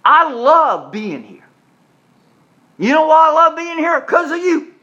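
A man, preaching a sermon in a folksy, joking way and slowing down to repeat his key points with emphasis. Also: very high voice, big pitch swings, pushed and bright, lo-fi sound. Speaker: pastor.

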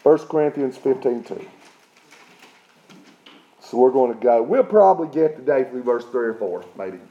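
A man's voice: mid-range voice, lively intonation, normal speed, reverberant. Emphatic preaching man, muffled sound. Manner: emphatic preaching with repeated "okay?" check-ins. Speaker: pastor. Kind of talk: sermon.

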